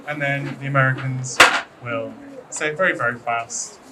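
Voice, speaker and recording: A man's voice: medium pitch, fairly even intonation, a little slow, pauses often, far from the mic, heavy background noise. A man with a British accent teaching English pronunciation to a classroom, chatty and teasing, with lots of ums. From Britain. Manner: chatty, hesitant with frequent ums, playfully teasing. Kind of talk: classroom lesson.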